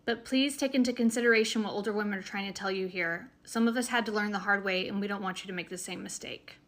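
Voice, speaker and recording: Brief: older woman, mid-pitched voice, earnest advice to camera. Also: fast talker, noisy background. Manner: earnest, preachy advice to younger women. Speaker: TikTok creator.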